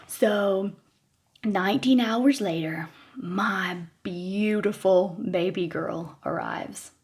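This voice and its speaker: A woman's voice: mid-range voice, slow pace. A woman in her thirties telling a comedic personal story to her viewers in a playful way, laughing often. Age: 30s. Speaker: vlogger.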